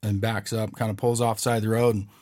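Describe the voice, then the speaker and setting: A low-voiced man telling a long story on a podcast in a relaxed, rambling way. He keeps stopping to check in with "right?" as he goes. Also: fast talker. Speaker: podcast host. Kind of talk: casual storytelling.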